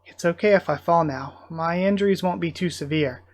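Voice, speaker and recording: A man reading the part of a brave young woman who gently reassures someone. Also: on the high side, moderate pace, lightly acted. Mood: reassuring. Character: brave young woman saying farewell calmly.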